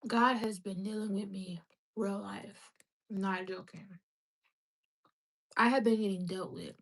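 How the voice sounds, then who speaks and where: A woman's voice: mid-range voice, steady tone, unhurried, gravelly. A woman in her twenties chatting casually and rambling on a livestream, laughing often. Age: 20s.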